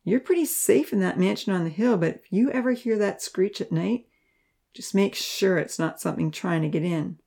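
A woman's voice: medium pitch, moderate pace, creaky, warm tone. A woman doing earnest, protective boy Damien. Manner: earnest, encouraging.

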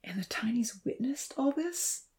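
A woman voicing an earnest, distraught male scientist who pleads in a breathy, tearful voice. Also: on the high side, expressive, unhurried, a little mellow, pitched above the performer's own voice.

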